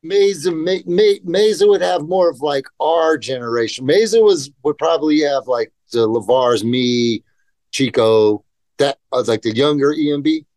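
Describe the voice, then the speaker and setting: A man's voice: on the high side, normal speed, a little mellow, no echo. A man telling skateboarding stories in a casual podcast interview, rambling and profane, acting out quotes. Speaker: guest, professional skateboarder.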